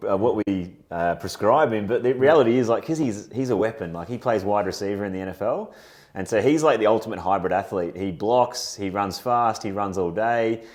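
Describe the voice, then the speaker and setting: Man, fairly low voice, upbeat co-host, gets louder when excited. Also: a little fast. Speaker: co-host, trainer. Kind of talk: casual chat.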